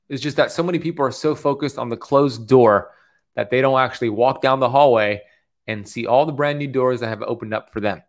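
A man in his thirties coaching on the keto diet, talking to camera in an upbeat, preachy way, often checking in with "okay?". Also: medium pitch. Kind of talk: motivational talk to camera.

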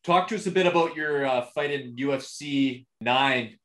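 A man's voice: mid-range voice, moderate pace, fairly bright tone. A man hosting a podcast, asking a guest short questions. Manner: brief prompts and short reactions. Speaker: podcast host. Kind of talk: interview questions.

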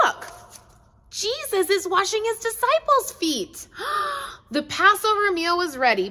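A woman's voice: medium pitch, big-room sound. A woman teaching a children's Bible lesson, talking animatedly to a pet dog and to the children. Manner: animated, talks to an unseen puppet dog. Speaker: preschool teacher.

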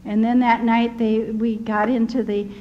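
An older woman giving her personal testimony as a story, quoting the people she met and laughing softly now and then. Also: fairly high pitch, level tone, a little slow. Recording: dull lo-fi recording with faint hiss.

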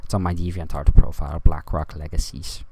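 A man rambling in a monologue to his viewers, ranting and swinging from loud to quiet. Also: a bass voice, little pitch movement, fairly quick, gravelly, breathy edge. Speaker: vlogger.

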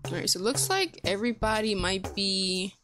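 A woman's voice: medium pitch, normal speed, over music. A young woman giving casual let's play commentary, chatty and giggly, reacting aloud to the game.

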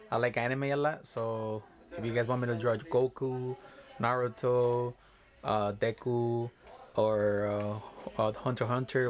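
A man, an artist and content creator, chatting casually to camera at home while he draws, rambling, giggling and often apologizing. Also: mid-range voice.

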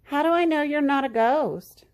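A woman's voice: sits high, moderate pace, voice pushed up, lightly acted. Woman voicing a nervous storybook goose. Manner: nervous, anxious. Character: timid male goose in superhero cape.

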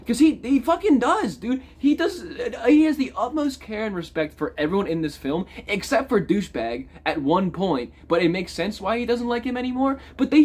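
Animated man ranting about a movie. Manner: animated, swearing, big swings in pitch and loudness. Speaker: movie reviewer. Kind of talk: casual profane movie rant.

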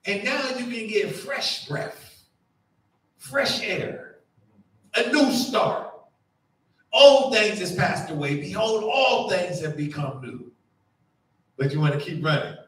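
A man preaching a sermon, animated and conversational, acting out voices and dropping to a hush. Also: fairly high pitch, slight background noise. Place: church sanctuary. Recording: echoey church from far off.

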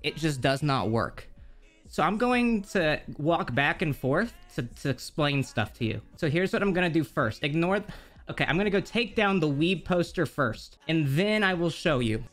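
A man streaming live from his home bedroom, chatting casually, excitable and swearing, quick to get frustrated. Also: a little high, faint music behind. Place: home bedroom with a slanted wall. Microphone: streaming mic, moving off-camera at times.

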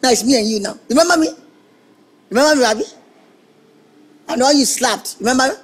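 Brash young Nigerian repairman, high voice, taunting and repetitive. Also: expressive, fairly quick, slightly rough, exaggerated voice, rough recording. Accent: Nigerian English. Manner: mocking, indignant, stammering repetitions. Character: brash young male electrician, taunting and touchy. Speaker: electrician. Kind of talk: film acting.

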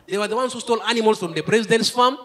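A man voicing a slow, greedy male police officer who drawls his questions in a mocking way. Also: high-pitched, a bit bright. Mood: knowing.

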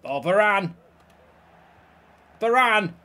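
A man commenting live on a football video game, swearing and reacting loudly to each play. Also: high voice, expressive, extremely slow. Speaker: YouTube gaming host.

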